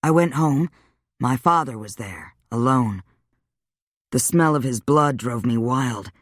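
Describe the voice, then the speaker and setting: A man voicing a weary, wry male vampire, speaking low and subdued in a dry audiobook reading. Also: takes it slowly, fairly bright tone, dry recording. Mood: rueful.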